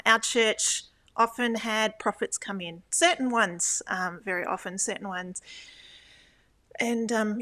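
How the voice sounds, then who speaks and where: A woman's voice: on the high side, a bit bright. A middle-aged woman, a former church elder, recalling her past in a reflective, hesitant way with many restarts. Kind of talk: interview.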